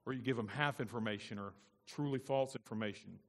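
A man's voice: mid-range voice, fairly quick, big-room sound. A man pastor delivering an emphatic sermon with call-and-response asides. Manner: emphatic, call-and-response, rising to loud peaks.

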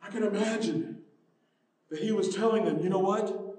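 A male pastor delivers a sermon in a fairly high voice. The sound rings heavily around a large, echoey room, picked up from well back from the mic. He swings between hushed repetition and loud emphasis. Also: normal speed, far from the mic. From United States.

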